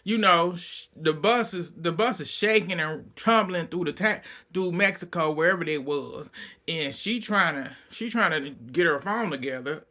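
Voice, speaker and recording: A man recaps a reality show episode in loose, casual talk. His voice sits a bit high and rings bright and sharp. He is animated and blunt, swears freely and laughs often. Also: normal speed.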